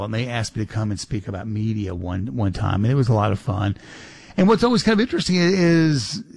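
A middle-aged male radio host talks loosely, circling back and restarting his thoughts as he goes. His voice sits at an ordinary middle pitch. The sound is dry and close, with no room around it. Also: a little mellow, dry recording. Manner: rambling, with many restarts and fillers. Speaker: radio talk show host. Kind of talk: casual talk radio monologue.

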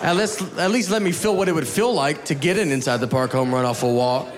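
A man's voice: fairly high pitch, a little fast. A man performing a stand-up comedy set, telling self-mocking stories in a laid-back way. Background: audience laughter.

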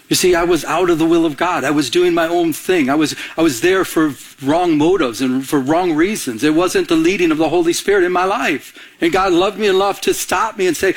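A man's voice: fairly high pitch, a little fast, hardly any pauses. A man preaching a sermon as a pastor, telling personal stories and acting out the voices of the people in them. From Michigan. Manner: storytelling, acts out quoted voices.

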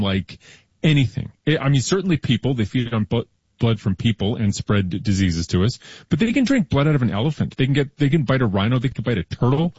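A man's voice: mid-range voice, darkish tone, slightly rough, no room sound, dull audio. A man in his thirties or forties, co-hosting a casual science chat, explaining with enthusiasm and lots of fillers. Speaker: podcast co-host.

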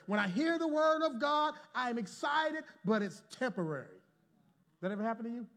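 Male pastor, higher-pitched voice, dramatic volume swings and call-and-response with the congregation. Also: sing-song, normal speed, pauses often. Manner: call-and-response preaching with sudden swings from loud to hushed. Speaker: preacher. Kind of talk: sermon. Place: church before a congregation.

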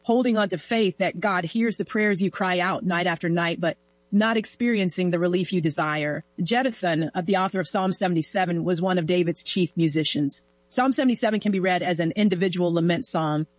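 A woman's voice: on the low side, a little fast, dry recording, poor audio. A woman hosting a daily Bible devotional, reflective and earnest as she reads and explains scripture. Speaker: devotional host.

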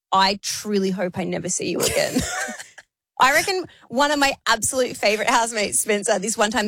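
A woman's voice: medium pitch, fairly bright tone, dry recording. A woman, co-hosting a podcast in casual chat and telling stories with frequent laughs. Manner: chatty storyteller, laughs often. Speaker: podcast co-host.

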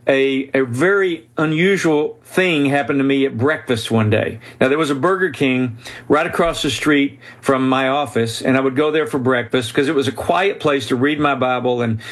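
A man, a guest author, telling a personal story in a podcast interview, acting out the voices of the people in it. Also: medium pitch. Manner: animated storyteller who voices quoted people.

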